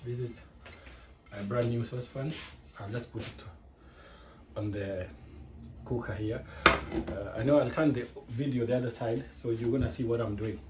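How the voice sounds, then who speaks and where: A man's voice: mid-range voice, fairly even intonation, moderate pace, long pauses. A man with a Kenyan accent giving a chatty, digressive home cooking tutorial from his kitchen, explaining each step. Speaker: home cook. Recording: echoey kitchen with faint noise.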